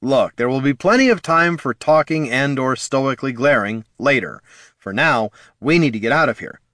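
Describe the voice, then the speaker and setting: A man voicing a brisk, impatient adventurer who talks in a snappy, sarcastic way. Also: mid-range voice, expressive, fairly bright tone, no room sound, studio quality, voice pushed up, close to an everyday voice.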